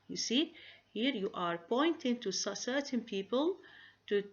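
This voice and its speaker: A woman's voice: a little high, expressive. Woman teaching grammar, dull lo-fi sound. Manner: halting, many fillers and restarts, rhetorical questions. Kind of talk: recorded grammar lecture. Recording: dull lo-fi recording.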